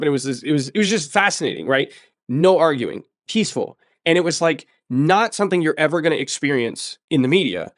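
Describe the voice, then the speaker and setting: A man's voice: fairly high pitch, no room sound, studio quality. A man telling a travel story in a casual interview, emphatic and enthusiastic, often repeating words for stress. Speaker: podcast host sharing his story.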